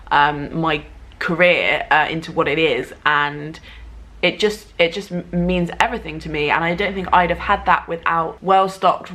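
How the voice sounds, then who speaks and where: A woman's voice: low voice, pushed and bright. Chatty self-mocking woman vlogger. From England. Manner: chatty, self-mocking, laughs while talking. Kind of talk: casual chat to camera.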